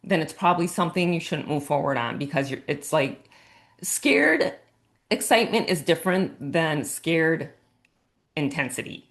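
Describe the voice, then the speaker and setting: A woman with a notably low voice talks in a relaxed podcast interview. She is a coach and author, explaining her thinking earnestly and loosely, one loose phrase leading into the next. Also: normal speed.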